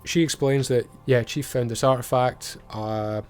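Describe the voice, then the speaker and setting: A man's voice: mid-range voice, steady tone, measured pace, clear, resonant tone, soft background music. A man with a Scottish accent giving a casual, blunt and sweary recap of a TV episode. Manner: blunt, swears freely, chatty. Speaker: TV show reviewer.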